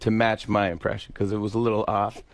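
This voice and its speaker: A man's voice: fairly low pitch, fast talker, no echo. A man guesting on a radio show, telling stories in casual chat and slipping into impressions. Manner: animated, slips into impressions. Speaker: guest comedian. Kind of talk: casual interview storytelling.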